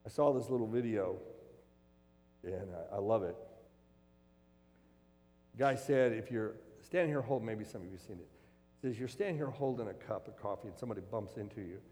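A man preaching a sermon as a pastor, moving between hushed, slow reflection and loud, rising emphasis. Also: lowish voice. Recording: long hall reverb.

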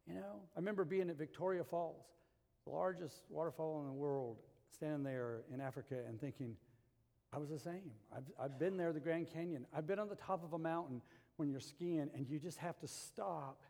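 A middle-aged male pastor preaching a sermon and telling stories, dropping to a hush and then rising loud. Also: a little high, fairly quick. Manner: storytelling preacher, swings from hushed to loud. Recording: long hall reverb.

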